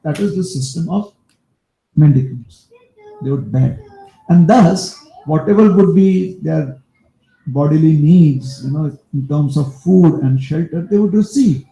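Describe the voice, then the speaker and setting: Gravelly, dark-voiced male preacher. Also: fairly high pitch, unhurried. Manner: animated storyteller with asides to the audience. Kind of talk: devotional storytelling sermon. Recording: echoey room.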